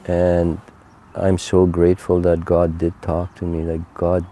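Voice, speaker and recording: Older man, earnest testimony-style storyteller; very low, monotone, warm timbre. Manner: earnest, heartfelt, unhurried storytelling. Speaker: interview guest. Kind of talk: personal faith testimony.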